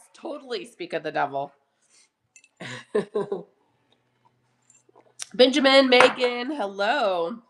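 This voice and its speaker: Her voice is fairly high, pushed, and bright as she leads a live online auction from her home kitchen. Still recovering from a cough, she keeps the selling talk casual and welcomes viewers by name.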